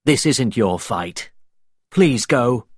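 A man's voice: mid-range voice, lively intonation, slow pace, breathy edge, no echo, clean studio sound. A man reading aloud voices a stern naval officer who gives curt orders.

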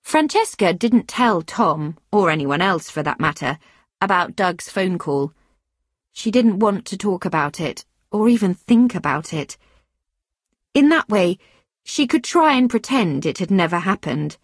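A woman narrating an audiobook chapter in a measured, even storytelling manner on a close mic. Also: lowish voice, husky, no room sound. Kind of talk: scripted narration.

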